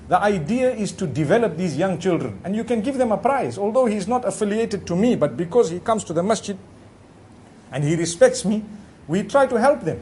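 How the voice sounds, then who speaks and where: A man giving a conversational Islamic sermon, talking directly to his listeners in a relaxed way with frequent asides. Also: high voice, normal speed, slight background noise. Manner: relaxed, talks directly to the audience with frequent "you know". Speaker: Islamic preacher.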